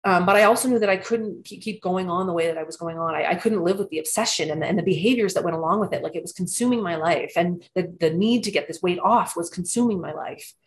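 A woman's voice: lowish voice, fast, hardly any pauses, a little hiss or hum. A woman in her thirties, telling her recovery story in an earnest, reflective way, often restarting her sentences. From Canada. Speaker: recovery program member sharing her story. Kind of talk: personal recovery testimony.

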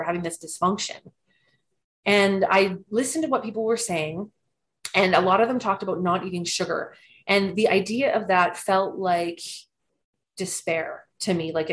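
A woman in her thirties, telling her recovery story in an earnest, reflective way, often restarting her sentences. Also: fairly low pitch. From Canada. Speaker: recovery program member sharing her story. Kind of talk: personal recovery testimony.

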